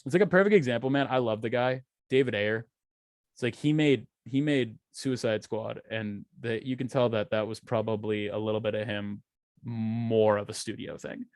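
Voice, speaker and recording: A man's voice: on the low side, normal speed, no room sound. Profane man ranting on a podcast. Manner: profane, animated ranting with acted quotes. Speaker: podcast co-host. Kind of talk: casual podcast rant.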